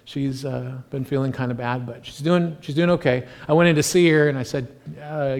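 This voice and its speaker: Chatty joking pastor in a reverberant hall. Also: male voice, mid-range voice, brisk, gravelly. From United States. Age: 40s. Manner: joking, rambling with many fillers. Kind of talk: casual sermon. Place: church hall.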